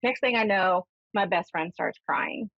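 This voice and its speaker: A woman's voice: mid-range voice, measured pace, dry recording. Chatty woman radio medium. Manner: animated, acts out voices when retelling. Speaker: medium and show host. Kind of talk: casual on-air storytelling and readings. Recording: slightly dull lo-fi radio sound.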